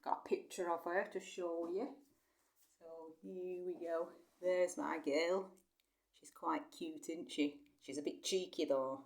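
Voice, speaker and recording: A woman giving a casual draw-along drawing lesson, chatty and rambling, gently encouraging as she works. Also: fairly low pitch, steady tone, unhurried, gravelly. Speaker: drawing tutor.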